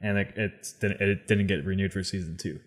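A man in a casual podcast chat with a somewhat low voice. He speaks haltingly, often letting his sentences trail off softly. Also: fairly even intonation. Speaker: podcast co-host.

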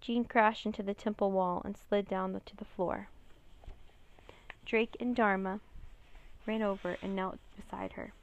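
A woman reading a children's chapter book aloud in an expressive storytelling manner. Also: mid-range voice, measured pace, long pauses, highs cut off. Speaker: reader.

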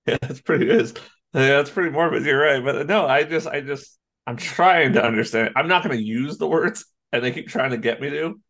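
A man co-hosting a podcast in casual chat, rambling and animated, swearing and laughing often. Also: fairly high pitch, fairly quick. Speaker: podcast co-host.

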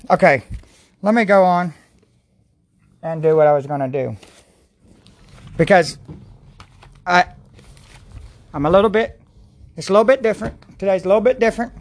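A man's voice: on the high side, creaky. A man hosting a casual faith podcast, talking in an earnest, rambling way with many restarts and praying aloud. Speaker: podcast host.

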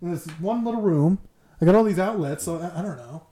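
A man's voice: sits high, lively intonation, brisk, warm tone, roomy sound. A man hosting a casual podcast from a dim room in his old house, joking crudely and swearing freely. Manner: profane, jokey, tells army stories. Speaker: podcast host.

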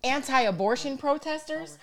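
Profane, animated young woman storyteller. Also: high-pitched, unhurried, a crowd in the background. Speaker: podcast co-host. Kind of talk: casual podcast chat.

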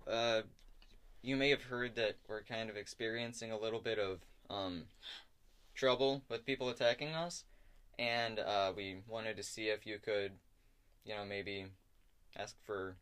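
A man's voice: lowish voice, steady tone, a little slow, fairly bright tone, smooth. A man narrating as game master in a tabletop game, talking casually and hesitantly with lots of fillers. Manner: hesitant, many fillers and likes.

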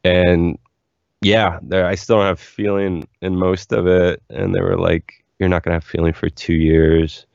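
A young man with a very deep voice and a gravelly, fry-laden texture tells his story candidly, looping through "like" fillers as he goes. The recording is dull, lo-fi and dry. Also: flat delivery, unhurried, darkish tone, no room sound. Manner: rambling, candid, lots of "like" fillers. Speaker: musician guest. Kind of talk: casual interview storytelling.

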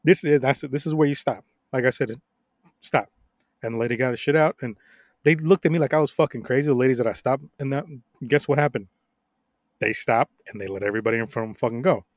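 A young adult man tells rambling stories on a casual podcast. He swears freely, laughs often and gets loud and animated. His middle-pitched voice is recorded close up on a dry mic. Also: fast, dry recording. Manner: profane, animated storytelling with laughs. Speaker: podcast co-host.

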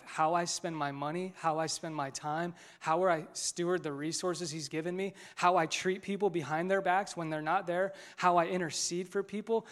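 A man preaching a sermon as lead pastor, swinging from loud emphasis to near whispers and calling on the congregation to answer back. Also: high voice. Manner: asks congregation to call back responses.

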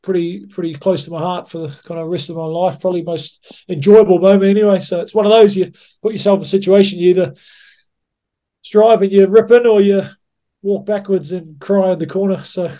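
High-voiced New man, sweary. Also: steady tone, fairly quick, mellow. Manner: blunt, sweary, says "mate" a lot. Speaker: rugby head coach, podcast guest. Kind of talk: casual anecdote-telling.

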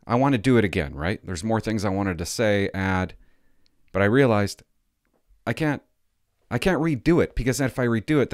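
An older man hosting his own video channel, talking casually in a rambling, self-conscious, halting way. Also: fairly low pitch, no echo, studio quality. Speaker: channel host. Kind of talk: casual vlog chat.

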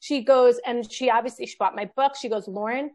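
A woman in her thirties tells a story about family life in a loose, animated way. Her voice sits a bit high. She leans on "like" and "you know" as she goes. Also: brisk. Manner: animated storyteller, lots of "like" fillers. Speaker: guest, children's book author. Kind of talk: casual podcast chat.

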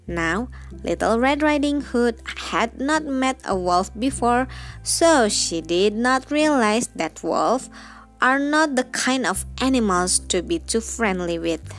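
A woman reading a fairy tale aloud as a gentle, expressive bedtime story. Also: on the high side, takes it slowly, faint music behind.

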